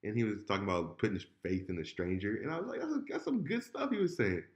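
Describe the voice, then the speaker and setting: A man's voice: fairly low pitch, huge pitch swings, fast talker, highs cut off. A man co-hosting a casual show review, animatedly retelling scenes and acting out the characters' lines. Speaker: podcast co-host. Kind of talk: casual chat.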